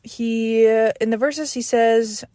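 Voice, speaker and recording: A woman's voice: fairly high pitch, steady tone, takes it slowly, mellow, dry recording, clean studio sound. A young woman hosting a podcast, casually reviewing an album track by track in a rambling, enthusiastic way with many fillers and restarts.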